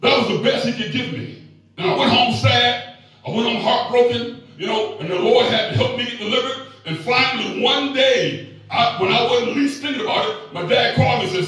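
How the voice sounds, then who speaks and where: A man in his fifties preaching a sermon, telling a personal story in a folksy, emphatic way with sudden shouts. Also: very high voice, a little fast, soft background music. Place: large echoey church hall. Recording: echoey hall, voice from far off.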